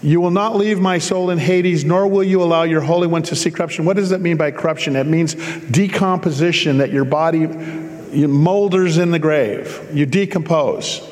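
A man's voice: fairly high pitch, moderate pace, darkish tone, long reverb tail. A man preaching a sermon, reading scripture aloud and breaking off for casual, joking asides to explain it.

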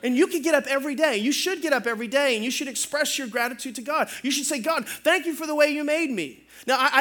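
A middle-aged male pastor preaching a sermon in an animated, humorous way, calling out for amens. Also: extremely high pitch.

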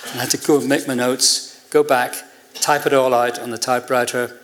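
A man's voice: medium pitch, fairly quick, a little hiss or hum. An older man with an Irish accent, telling a long anecdote as an interview guest in front of an audience, acting out the voices of the people in his story with a laugh in his voice. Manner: animated, acts out quoted voices with a laugh in his voice.

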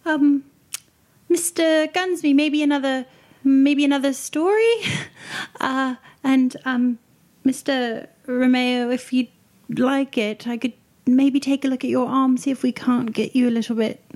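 Gentle hesitant woman player. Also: high-pitched, measured pace. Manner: gentle and hesitant, many fillers. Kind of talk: in-character tabletop role-play.

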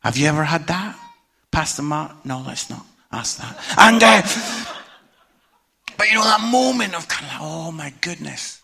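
A middle-aged man preaching a humorous storytelling sermon, an animated teller with punchy asides. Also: a little high, moderate pace, gravelly, pauses often, slightly rough. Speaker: evangelist preacher.

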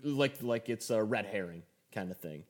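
A young man co-hosting a podcast in casual chat, excitable and laughing often as he recaps an episode. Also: lowish voice, moderate pace. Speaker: podcast co-host.

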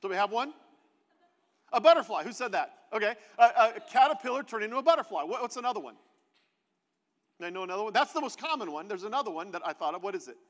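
A man's voice: sits high, lively intonation, fast, fairly bright tone. A man preaching a sermon to his congregation in a conversational way, asking them questions as he teaches. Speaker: pastor. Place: church sanctuary. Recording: long hall reverb.

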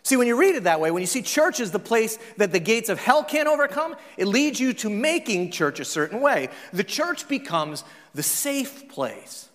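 High-voiced pastor preaching in a reverberant hall. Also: male voice, very animated, normal speed, hardly any pauses, a bit bright. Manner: conversational preaching with humor and acted-out asides. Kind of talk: sermon.

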